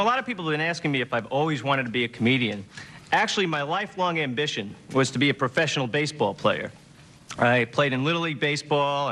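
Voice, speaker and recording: Young man doing deadpan stand-up. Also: a little high. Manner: deadpan, puts on many quick character voices. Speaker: stand-up comedian. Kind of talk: stand-up routine. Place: TV studio stage before a live audience.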